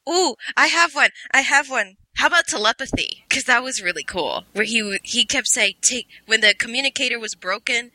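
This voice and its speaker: Bright-voiced sarcastic woman. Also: a little high, animated, normal speed, few pauses, low-quality recording. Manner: sarcastic, laughs often. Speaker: podcast co-host. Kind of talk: casual movie review chat.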